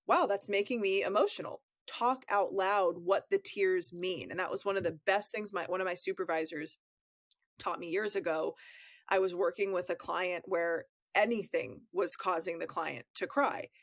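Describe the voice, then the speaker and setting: A woman co-hosts a relationship advice podcast, talking frankly and reflectively in a casual conversation that draws on her work as a therapist. Her voice is lowish and her speed normal, captured in a dry recording.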